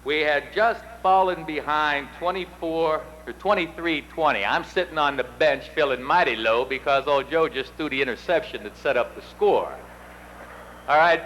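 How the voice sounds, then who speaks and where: Middle-aged man, somewhat high voice, folksy ceremony speech with faint hum behind. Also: moderate pace, a bit bright, poor audio. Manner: folksy, anecdotal, self-deprecating. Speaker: induction ceremony presenter. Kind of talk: speech with storytelling.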